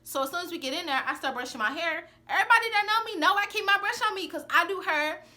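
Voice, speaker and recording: Sassy high-voiced young woman. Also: quick pace. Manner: sassy, animated, acts out the quoted lines. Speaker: vlogger telling a personal story. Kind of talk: casual storytime chat.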